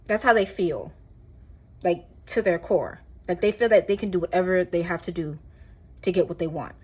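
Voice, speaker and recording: A woman doing a casual tarot reading, talking in a chatty, rambling way with animated asides. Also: lowish voice, moderate pace, breathy edge. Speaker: tarot reader.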